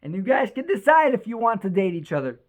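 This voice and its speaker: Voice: mid-range voice, big pitch swings, fast, natural voice. Storyteller quoting a proud, fatherly rabbi. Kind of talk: storytelling, quoted dialogue.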